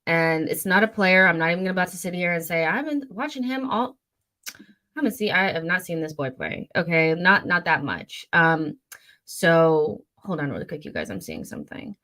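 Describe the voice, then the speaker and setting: Low-pitched with a fairly bright tone, a young woman chats her way through viewer comments on a casual fan livestream. She rambles, uses lots of fillers, and keeps correcting herself, all picked up by a studio mic on her desk.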